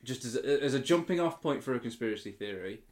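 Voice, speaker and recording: A man co-hosts a podcast in casual conversation, talking things through at a measured, explanatory pace. He hesitates often, with plenty of fillers as he gathers his thoughts. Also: mid-range voice, animated, a little mellow. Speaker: podcast co-host. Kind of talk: casual chat.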